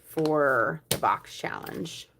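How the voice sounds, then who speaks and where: A young woman vlogging a savings challenge, chatting casually and counting money aloud, often dropping to a soft murmur. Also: low voice, lively intonation, drawn-out words, gravelly, a little hiss or hum. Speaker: budgeting vlogger.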